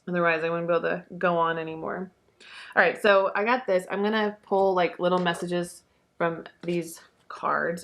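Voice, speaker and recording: A young woman giving a casual, emotional tarot reading, talking freely with lots of fillers and swearing. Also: fairly low pitch. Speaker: tarot reader.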